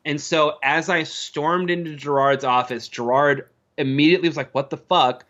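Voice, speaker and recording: A man as a podcast guest, telling lively stories in casual chat and often laughing. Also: a little high, normal speed, dull audio. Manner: animated, laughs often, acts out quoted coworkers. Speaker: podcast guest, former video editor.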